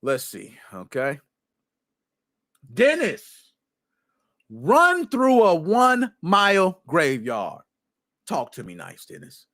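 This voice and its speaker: A male streamer chatting casually on a live stream, loud and excitable, breaking into shouts. His voice sits high and sounds bright and sharp, and it swoops up and down all the time. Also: slow, long pauses. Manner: animated, excitable, shouts often, slangy. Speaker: streamer, podcast host. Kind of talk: casual livestream chat.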